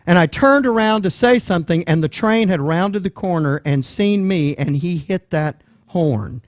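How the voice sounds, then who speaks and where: A preacher spins a personal story from the pulpit, animated and quick to act out the people in it. His voice sits a bit high for a man, and the sound is dry and close. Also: no echo. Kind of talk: sermon storytelling.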